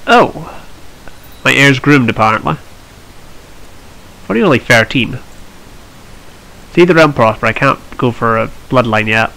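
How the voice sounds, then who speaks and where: Bright-voiced man narrating his gameplay. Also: mid-range voice, expressive, moderate pace, vocal fry, pauses often, low-quality recording. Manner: chatty, thinking aloud, wry asides. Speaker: let's play host. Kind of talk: strategy gameplay commentary.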